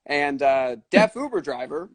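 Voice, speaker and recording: A man hosting a podcast, chatting casually with frequent swearing and quick asides. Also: fairly high pitch, very animated, no echo. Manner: profane, quick asides, lots of filler. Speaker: podcast host. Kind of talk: casual chat.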